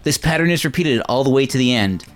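A man's voice: mid-range voice, animated, fast talker, faint music behind. A man hosting a casual podcast at home with friends, joking and leading the round of final thoughts. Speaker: podcast host. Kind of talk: casual chat, reading a review aloud.

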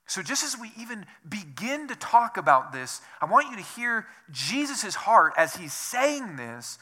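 A male pastor preaching with a very bright, forceful voice pitched a little high. He is earnest, repeats his phrases and keeps asking the room questions. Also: very animated, unhurried, few pauses. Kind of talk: sermon.

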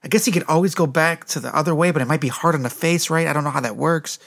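A man's voice: a little high, creaky, a bit bright. A man chatting casually about a movie as a podcast co-host, rambling and swearing freely. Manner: rambling, profane, fast and eager. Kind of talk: casual movie review chat.

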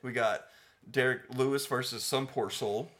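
Easygoing man, mid-pitched. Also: fairly even intonation, normal speed, a bit bright. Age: around 30. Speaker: podcast co-host. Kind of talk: casual chat.

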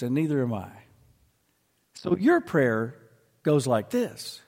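Male pastor, storytelling sermon voice, mid pitch, long hall reverb. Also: very animated, vocal fry, darkish tone. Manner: storytelling, slows and presses for emphasis.

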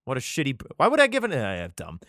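Lively, irreverent man reading aloud. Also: mid-range voice, quick pace, dry recording, clean studio sound. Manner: irreverent, swearing, joking asides; stumbles and restarts while reading archaic text. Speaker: vlogger reading scripture aloud. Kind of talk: reading aloud with casual commentary.

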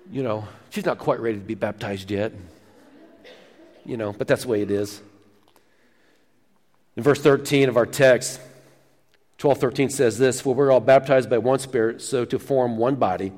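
A man's voice: medium pitch, a little mellow, long reverb tail. A man preaching a sermon in a church, folksy and fond of jokes and stories. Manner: folksy storytelling, tells jokes. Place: church sanctuary.

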